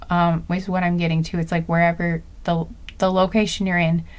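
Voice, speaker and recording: A woman giving a casual spoken intuitive reading, gentle and earnest, often searching aloud for the right words. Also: on the low side, little pitch movement, a little fast. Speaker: intuitive card reader.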